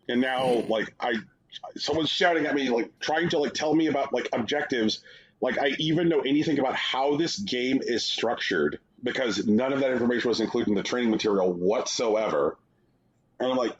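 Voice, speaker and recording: Husky-voiced man, sarcastic podcast rambling. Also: mid-range voice, moderate pace. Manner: rambling, sarcastic storytelling with many fillers. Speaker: podcast co-host. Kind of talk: casual chat reviewing games. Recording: dull lo-fi sound.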